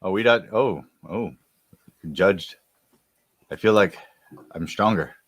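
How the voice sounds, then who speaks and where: A man's voice: lowish voice, takes it slowly, no echo, clean studio sound. A man co-hosting a podcast, chatting casually with rambling, profane jokes. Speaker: podcast co-host. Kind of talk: casual comedic chat.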